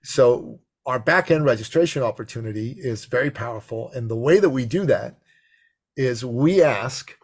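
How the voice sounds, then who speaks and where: A middle-aged man telling an expressive, animated story as a podcast guest. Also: moderate pace. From Persian heritage. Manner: expressive, swings to high excited pitch in quotes. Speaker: podcast guest, business coach.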